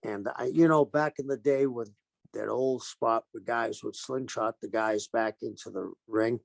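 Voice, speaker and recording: An older man, a retired pro wrestler, telling animated stories in an interview and acting out the quotes. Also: mid-range voice, a little slow, gravelly, dry recording. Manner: animated anecdotes with acted-out quotes. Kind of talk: storytelling interview.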